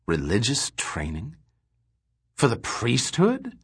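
A man voicing a curious, blunt young male space trader who fires off quick, surprised questions. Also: mid-range voice, huge pitch swings, fairly bright tone, breathy edge, pitched above the performer's own voice, exaggerated voice.

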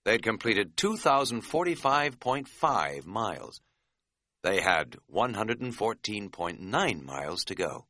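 A man's voice: fairly low pitch, very animated, a little slow, bright, forceful tone, no echo. A man reading an audiobook, telling the story with a wry, dry humor. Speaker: narrator. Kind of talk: audiobook narration.

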